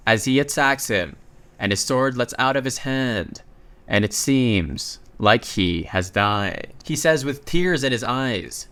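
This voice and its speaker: A man narrating a comic story recap in a casual, chatty way, breaking in with excited asides. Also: mid-range voice, unhurried.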